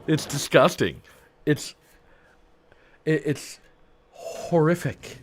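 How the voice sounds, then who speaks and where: A man's voice: fairly high pitch, expressive, very slow. A young adult man, a gaming video host, casually joking and rambling through let's play commentary. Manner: joking, meandering, playful.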